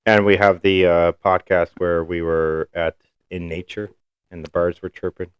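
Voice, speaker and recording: Co-host type: man, very deep and smooth, loose casual storyteller who swears a lot. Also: flat delivery, normal speed, no echo, highs cut off. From Ohio, USA. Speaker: podcast co-host. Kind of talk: casual chat.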